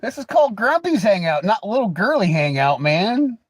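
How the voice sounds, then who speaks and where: Coughing at times, an American-accented man hosts a livestream full of crude, teasing, casual back-and-forth. He speaks in a high-pitched, sing-song voice at normal speed, with no echo.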